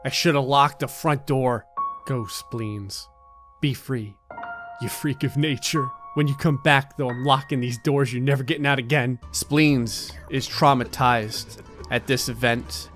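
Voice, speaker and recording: A man giving sarcastic, comedic commentary over a life-sim game, often jumping into silly high voices. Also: measured pace, a bit bright, soft background music. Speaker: gaming channel host.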